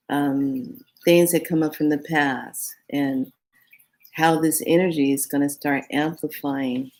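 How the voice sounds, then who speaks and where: A woman's voice: low-pitched, darkish tone. A woman vlogger casually telling a story and acting out her own reactions, then giving earnest advice on energy and manifestation. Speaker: spiritual vlogger.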